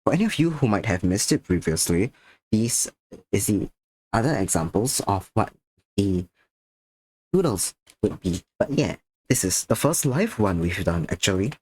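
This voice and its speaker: Sleepy low-voiced male art streamer. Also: very animated, normal speed, darkish tone, slightly rough. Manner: tired, drowsy and slightly slurred, chatting to viewers. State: a little sick and sleepy. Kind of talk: casual stream chat while drawing.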